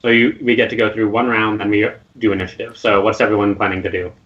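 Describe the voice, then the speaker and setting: A man narrating as game master of a tabletop game in a relaxed, loose way. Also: fairly low pitch, quick pace, muffled recording.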